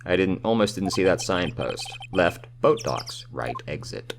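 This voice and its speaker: A man voicing a calm, dry young male defense lawyer in a low-key manner. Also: measured pace, vocal fry, background noise, full character voice.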